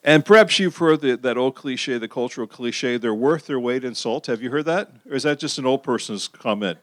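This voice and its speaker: A middle-aged pastor preaching a sermon in a conversational way, asking the audience questions and repeating phrases for emphasis. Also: male voice, medium pitch, brisk, a bit bright, no echo, studio quality.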